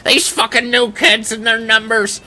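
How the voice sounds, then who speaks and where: A man voicing a grumpy old man who yells at kids, with a cranky, ranting delivery. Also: extremely high pitch, flat delivery, moderate pace, pitched above the performer's own voice, heavily acted.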